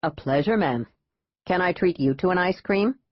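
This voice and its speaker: A man's voice: high voice, moderate pace, no echo. A woman reading an audiobook, voicing a persistent male private investigator who speaks in polite, clipped, probing lines. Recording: dull dry lo-fi audiobook.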